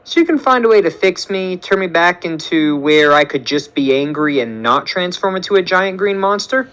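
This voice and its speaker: A man's voice: high voice, animated, normal speed, a bit bright, clean tone, pitched above the performer's own voice, poor audio. A man voicing a flustered, sarcastic young woman who fires off exasperated questions. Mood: curious.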